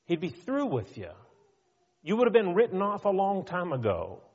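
A man preaching a sermon in an earnest, pleading way, asking his listeners questions and slowing down to stress his points. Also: high-pitched, sing-song, darkish tone, big-room sound, muffled recording. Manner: earnest, pleading, rhetorical questions, slows for emphasis.

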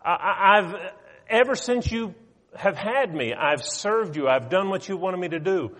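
Man doing a talking donkey, loyal, hurt, raised pitch, pleading questions, echoing hall. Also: lively intonation, measured pace, fairly bright tone, heavily acted. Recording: long hall reverb.

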